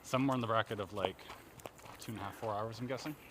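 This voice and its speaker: A man's voice: lowish voice, quick pace, background noise. A man walking a forest trail and chatting casually, explaining the area in a loose, rambling way. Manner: relaxed, rambling, lots of fillers. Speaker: local guide companion. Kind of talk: casual chat while walking.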